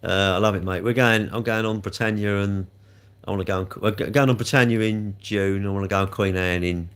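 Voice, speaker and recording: His voice is fairly low, smooth and a bit bright, with fairly even intonation and a fairly quick pace. This livestreamer casually works through chat comments, rambling and berating trolls with mounting heat.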